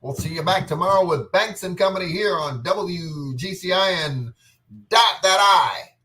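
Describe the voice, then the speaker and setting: A man imitating an upbeat male radio host signing off, with a drawn-out announcer delivery. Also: high voice, bright, forceful tone, voice pushed up.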